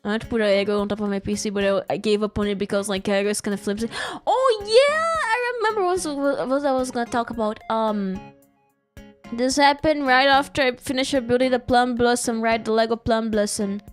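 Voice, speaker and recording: A woman's voice: a little high, fairly even intonation, a little fast, faint music behind. A woman streamer chatting casually, giggling often as she tells a rambling story with false starts.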